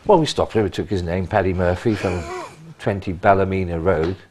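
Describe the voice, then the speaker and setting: An older man with a very deep voice tells his stories in an interview. He is animated and punches key words with sudden emphasis. He speaks as a retired police officer recalling his career. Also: moderate pace, slightly rough. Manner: animated storyteller, bursts of emphasis. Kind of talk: anecdotal interview.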